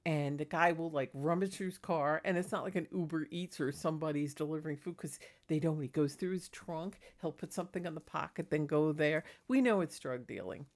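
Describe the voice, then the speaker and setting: A woman's voice: low-pitched, fairly quick, few pauses. Chatty, indignant woman gossiping. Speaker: vlogger. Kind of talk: casual gossip vlog. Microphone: clip-on microphone.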